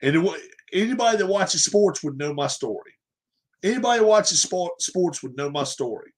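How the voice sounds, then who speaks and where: Animated and high-voiced, a livestream host rants about sports at a moderate pace. He's forceful and opinionated, repeating himself and firing rhetorical questions.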